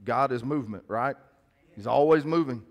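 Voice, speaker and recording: A man's voice: medium pitch, moderate pace. A man pastor preaching a sermon in a church, conversational, calling out to the congregation.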